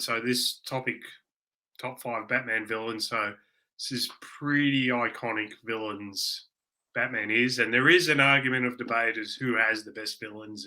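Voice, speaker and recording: A man's voice: medium pitch, bright, forceful tone. An Australian man co-hosting a podcast, talking in a rambling, conversational way. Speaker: podcast co-host. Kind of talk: casual podcast chat.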